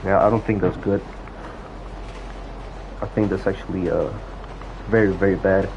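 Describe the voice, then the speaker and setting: A man's voice: low voice, steady tone, moderate pace. A man ranting in a casual, profane storytelling way about old times in an online game. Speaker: gaming vlogger. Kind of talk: casual rant. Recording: dull lo-fi audio with faint noise.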